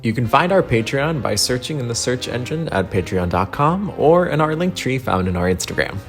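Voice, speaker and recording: A man reading a scripted promo in a steady, informative manner. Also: medium pitch, normal speed. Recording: faint music underneath.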